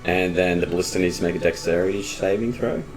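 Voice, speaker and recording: A man's voice: deep voice, fairly even intonation, fast. A man playing a tabletop game, calling out his actions and damage with hesitant ums. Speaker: player. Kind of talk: casual tabletop game chat.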